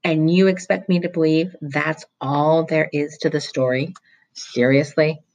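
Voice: mid-range voice, steady tone, a little slow, darkish tone, highs cut off, natural voice. A teacher reading a novel aloud voices a stern middle-aged female vice principal who speaks acidly and accuses. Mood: accusing. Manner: acid and accusing.

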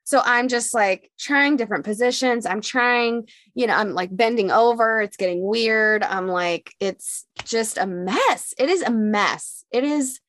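A young woman on a chatty talk show telling a long personal story, animated and acting out the voices of the people in it. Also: a little high, unhurried, few pauses, dry recording. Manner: animated storyteller, acts out quotes in raised voices. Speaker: podcast co-host. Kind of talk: casual chat, storytelling.

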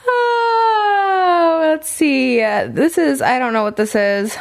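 A woman's voice: high voice, takes it slowly, creaky. A woman hosting a casual podcast, talking bluntly with lots of swearing and rambling restarts as she reacts to messages she reads aloud. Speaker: podcast host.

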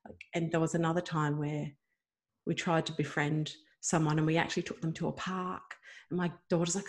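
A middle-aged woman, a guest telling a personal story in an emotional, animated way with many fillers. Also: sits low, fairly quick.

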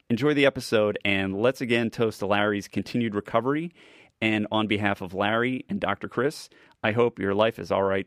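Low-voiced man giving a reflective intro. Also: no room sound, clean studio sound. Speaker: co-host introducing the episode. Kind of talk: scripted episode intro.

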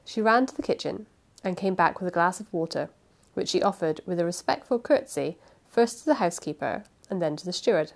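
Lady reading old books aloud on her podcast, chatty then expressive. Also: lowish voice, brisk, creaky. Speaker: podcast host and reader. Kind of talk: reading a classic novel aloud.

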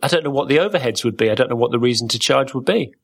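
Husky guy hosting a podcast, chatty and playful, wanders off into stories. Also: mid-range voice, expressive, racing. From Wales. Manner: playful, rambling storyteller. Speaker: podcast host. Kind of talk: casual chat.

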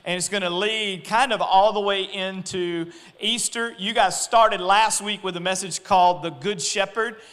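A middle-aged man preaching a sermon, animated and jokey, often acting out voices. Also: high-pitched, moderate pace, few pauses, smooth. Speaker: pastor.

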